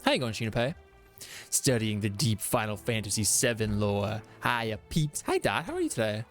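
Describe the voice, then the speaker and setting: A man's voice: on the low side, sing-song, moderate pace, faint music behind. Rambling male streamer explaining game lore. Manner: reads chat aloud and greets viewers. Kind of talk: casual live-stream chat.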